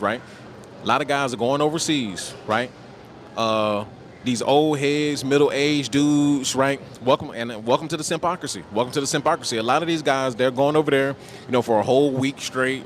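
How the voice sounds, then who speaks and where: A man from the United States with a mid-range voice hosts a livestream, talking casually, emphatically and with plenty of slang. He ends nearly every point with "right?", and a little hiss or hum sits in the audio.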